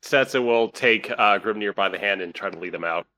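A man's voice: lowish voice, bright, forceful tone. A man playing a tabletop role-play, describing his actions hesitantly. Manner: unhurried, hesitant with fillers. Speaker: player.

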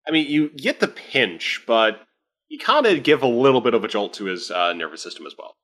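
A man's voice: medium pitch, big pitch swings, fairly quick, fairly bright tone. A man running a tabletop game as game master, narrating loosely with lots of fillers and restarts. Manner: loose, filler-heavy, restarts mid-sentence.

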